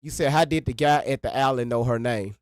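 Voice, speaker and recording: A man's voice: mid-range voice, a little fast, no echo, studio quality. A man giving heated reaction commentary, angry and profane, repeating himself for emphasis. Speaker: co-host of a reaction stream.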